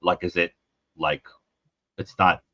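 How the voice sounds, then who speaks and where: Deep voiced host guy asking questions, kinda halting, dry lo-fi sound. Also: little pitch movement, gravelly, pushed and bright, dry recording. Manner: asks questions, halting restarts. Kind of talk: casual panel discussion.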